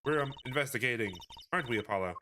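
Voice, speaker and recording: A man voicing a cheerful teenage girl magician with a bouncy, excitable manner. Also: mid-range voice, rapid-fire, noisy background, close to an everyday voice. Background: game music.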